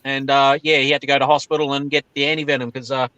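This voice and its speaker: A man's voice: medium pitch, little pitch movement, fast talker, bright, forceful tone, clear, resonant tone, dry recording, dull audio. A man with an Australian accent chatting casually as a guest on a live video chat, easygoing, with laid-back slang.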